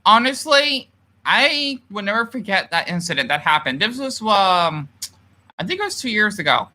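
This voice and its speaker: A man's voice: high voice, big pitch swings, normal speed, bright, forceful tone. A man ranting emotionally on a livestream and reading viewer comments, swearing often and restarting his sentences.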